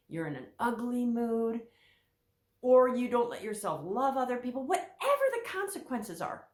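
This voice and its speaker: An emphatic woman therapist talks straight to her audience. Her pitch rises and falls a great deal as she drives her points home and repeats them for weight. The sound has a noticeable room echo. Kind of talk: direct-to-camera talk.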